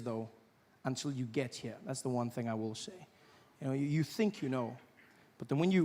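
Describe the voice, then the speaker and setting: A man performing a stand-up comedy routine on stage before a live audience, animated and mocking as he acts out little scenes. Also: a little high.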